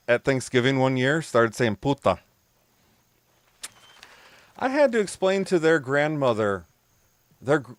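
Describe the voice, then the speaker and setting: A man with a mid-range voice streams a game and chats casually with his viewers. He rambles, laughs a lot and swears freely, and the studio sound is clean with no echo.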